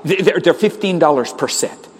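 A man's voice: on the high side, expressive, moderate pace, husky, pitched above the performer's own voice. A male preacher quoting an eager, resourceful husband who offers to help his church. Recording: long reverb of a large hall.

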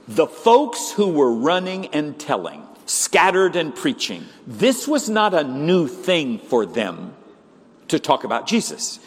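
A man preaching a sermon as pastor, animated, swinging from loud, high exclamations to hushed, low passages. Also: breathy edge, long reverb tail.

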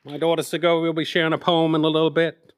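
A man in his fifties from England gives a sermon-style testimony of his missionary years. His voice sits high for a man. He tells it in a self-deprecating, rambling way, full of asides. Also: flat delivery, quick pace, smooth. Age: 50s. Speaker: missionary speaker.

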